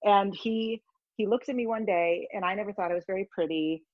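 Low-voiced woman rambling animatedly through a story, dull lo-fi sound, dry and close. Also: fairly quick, no room sound. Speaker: interview guest. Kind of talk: conversational storytelling.

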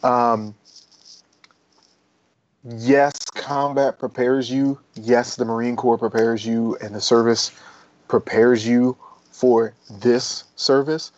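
A man who used to be a Marine and is now a firefighter talks in a loose, rambling way. He swears freely and perks up when he retells a story. His voice sits at an ordinary pitch, and the recording is dull and muffled. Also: slow pace, long pauses. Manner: rambling, profane, animated when retelling stories. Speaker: guest, former Marine turned firefighter. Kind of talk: casual interview storytelling.

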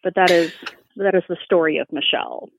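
A woman's voice: on the low side, brisk, gravelly, slight background noise. A woman from the South, talking frankly and bluntly, swearing freely as a guest in a casual chat. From Southern United States. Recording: phone-like narrow sound.

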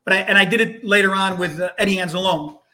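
A man's voice: high voice, quick pace, pushed and bright. A man from Hartford, Connecticut, telling rambling firehouse stories in a casual chat, full of restarts and blunt, salty talk. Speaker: guest, firefighter. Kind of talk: casual storytelling.

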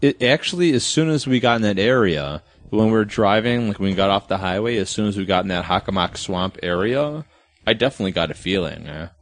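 A man co-hosting a casual podcast, talking in halting bursts and repeating words as he restarts. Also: on the low side, expressive, no room sound. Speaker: podcast co-host. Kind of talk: casual group podcast chat.

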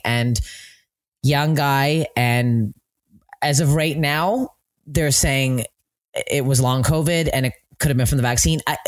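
A woman's voice: sits low, dry recording. A woman comedian, a guest on a podcast, telling a personal story frankly and swearing freely. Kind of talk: casual podcast chat.

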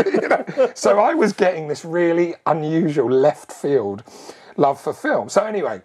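A middle-aged man telling a long childhood story in a casual, animated way, full of quick asides. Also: a little high.

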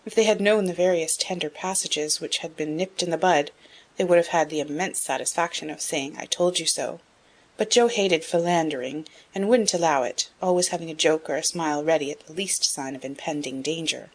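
A woman narrating a classic novel as an audiobook reader, in a steady storytelling manner. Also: deep voice, brisk. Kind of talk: scripted narration.

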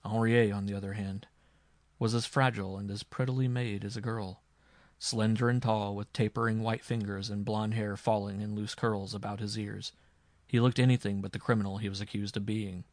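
A man reading a dark historical story aloud, with a dramatic, expressive delivery. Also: fairly low pitch, moderate pace, no room sound. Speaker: audiobook reader. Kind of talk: scripted narration.

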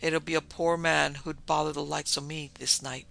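A man's voice: on the high side, little pitch movement, moderate pace, vocal fry, pushed and bright, full character voice. A man voicing a wry, matter-of-fact old village woman in a storybook reading.

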